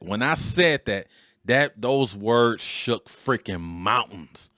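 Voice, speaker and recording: A man in his forties hosting a podcast, telling a personal story in an animated, emphatic way. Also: mid-range voice, slow pace, no room sound, studio quality. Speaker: podcast host. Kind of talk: storytelling monologue.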